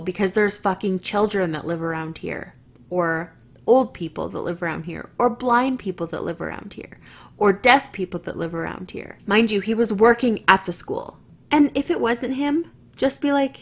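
A woman's voice: mid-range voice, moderate pace. A woman with a Canadian accent telling a story to camera in a chatty, rambling way, swearing freely and restarting her sentences. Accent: Canadian English.

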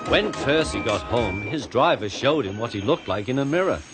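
British male storyteller, animated children's reading, mid pitch, music bed underneath. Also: normal speed.

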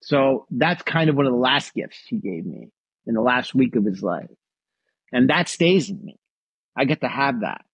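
A male actor, a guest on an interview show, telling a personal story in a soft, halting way with many restarts. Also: mid-range voice, breathy edge, dry recording, dull audio. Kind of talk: reflective storytelling.

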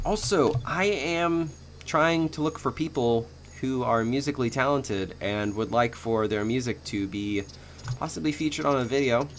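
A young man hosts his own gameplay video and rambles casually to viewers. He fills pauses with ums and small laughs, and his delivery stays fairly monotone at an average pitch. A faint background hiss sits under the recording. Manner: rambling, chatty, frequent fillers and small laughs; admits to a somewhat monotone delivery. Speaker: gaming channel host.

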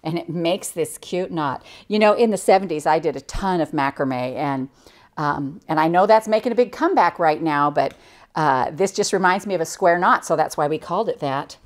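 An older woman with a somewhat low voice talks her way through a quilting demonstration, chatty and cheerful. Her tone stays easy and enthusiastic as she explains each step. A sewing machine runs in the background. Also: animated, normal speed. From United States. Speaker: quilting instructor.

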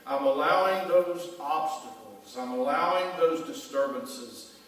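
A male pastor preaches in a loose, conversational way and keeps checking in with the congregation. His voice sits moderately high for a man. The sound carries a heavy, long reverb because the microphone is far away in a large church hall. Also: animated, a little slow, a bit bright. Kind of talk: sermon. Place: church sanctuary.

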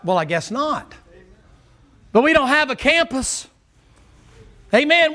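A man, a pastor preaching a folksy, joking sermon that swings between loud and low.

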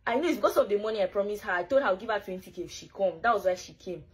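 A woman's voice: medium pitch, racing, poor audio. Pleading woman repeating apologies. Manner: pleading, repetitive.

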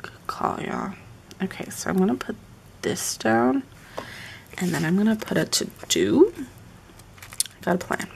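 A woman's voice: mid-range voice, very animated, a little slow, creaky, pauses often, a little hiss or hum. A woman chatting casually on a live stream while decorating a planner at home, muttering asides to herself as she works.

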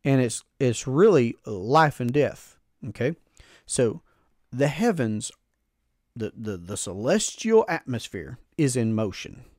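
A man's voice: medium pitch, big pitch swings, takes it slowly, a little mellow, dry recording, clean studio sound. A man hosting a podcast, explaining a finance idea in an earnest, emphatic way and often repeating his phrases. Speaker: podcast host.

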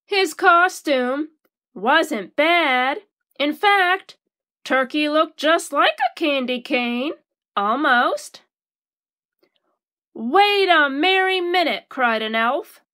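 A woman reading a children's storybook aloud, slow and expressive, like a teacher at story time. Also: high-pitched.

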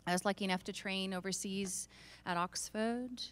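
A middle-aged woman speaks into a panel mic in a large convention hall, bright and crisp in tone. She talks in a chatty, self-deprecating way, laughing between points, with a clear, polished voice. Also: medium pitch, steady tone, normal speed. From Canada. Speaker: voice actor panelist.

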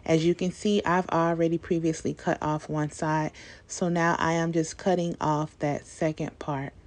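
A young woman talks through a home DIY project in a relaxed, chatty voice-over. Her voice sits a little low, and she speaks informally with plenty of fillers. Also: normal speed. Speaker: DIY video creator. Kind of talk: casual tutorial voice-over.

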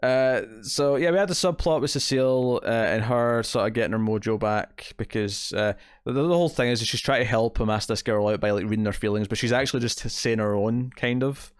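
A man's voice: mid-range voice, brisk, few pauses, clear, resonant tone, no echo, clean studio sound. A man co-hosting a podcast, chatting casually about TV episodes, rambling with fillers and quoted asides. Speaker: podcast co-host. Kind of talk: casual TV review chat.

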